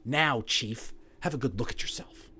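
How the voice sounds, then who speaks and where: A man's voice: medium pitch, normal speed, pushed and bright, slightly rough. A man voicing an earnest, caring young boy who talks firmly and persuasively.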